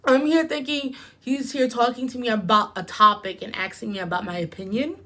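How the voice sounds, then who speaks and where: A young beauty vlogger talks a little fast in a slightly high, pushed, bright voice. She chats casually through a storytime while doing her makeup, her speech heavy with "like" and "literally."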